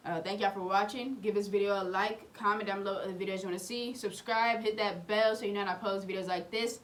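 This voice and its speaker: A woman's voice: mid-range voice, fairly even intonation, fast talker. A young woman from Oklahoma with a Southern US accent, hosting a reaction video in an easygoing, rambling way full of fillers. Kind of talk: casual reaction commentary.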